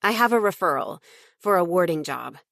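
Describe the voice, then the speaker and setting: A woman's voice: fairly low pitch, animated, moderate pace, gravelly, a bit bright, no room sound, studio quality. A woman voicing a young green witch who speaks earnestly and a little flustered.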